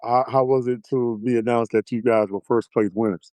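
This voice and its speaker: Smooth-voiced male podcast host. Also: mid-range voice, fairly even intonation, moderate pace, darkish tone, no room sound. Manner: loose, rambling questions with many fillers. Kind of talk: casual interview questions.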